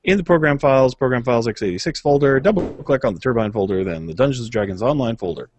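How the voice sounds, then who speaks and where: A man's voice: medium pitch, animated, quick pace, darkish tone, slight background noise. A man co-hosting a gaming podcast, reading patch notes aloud and chatting casually, with frequent filler uhs and small chuckles. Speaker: podcast co-host.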